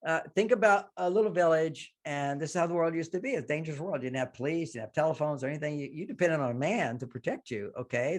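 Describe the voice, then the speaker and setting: An older man, a relationship expert on a radio interview, explaining ideas through lively stories and acted-out quotes. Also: on the high side. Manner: animated storyteller, acts out quotes, laughs often.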